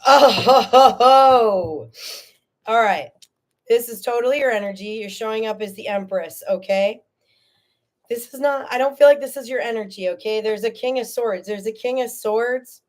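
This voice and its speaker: A woman giving a live tarot reading, chatty and animated, often checking in with "okay?" and "all right?", and tearful at times. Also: fairly high pitch, a little fast. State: tearful, emotional. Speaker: tarot reader.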